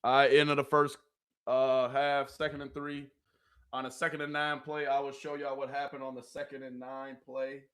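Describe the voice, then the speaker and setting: A man hosting a live watch party. He gives excited fan commentary on a football game, laughs often, and keeps talking to his chat. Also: mid-range voice, moderate pace, smooth.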